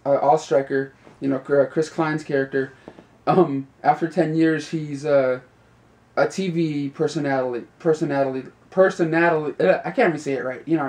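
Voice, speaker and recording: A man's voice: fairly high pitch, a little mellow. A young man giving a casual, rambling review, leaning on fillers like "you know" and "like" and laughing often. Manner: laughs often while talking. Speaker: video reviewer.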